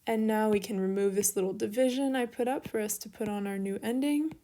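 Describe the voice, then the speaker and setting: A woman's voice: mid-range voice, brisk, warm tone. A young woman teaching an online lesson, working through steps methodically and talking herself through small mix-ups.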